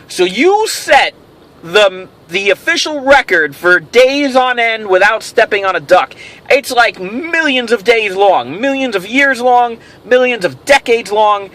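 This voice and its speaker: A man's voice: extremely high pitch, lively intonation, a little slow, bright, forceful tone. A man hosting a casual question-and-answer vlog, rambling and telling jokes with self-amused delight. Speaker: host of a toy show.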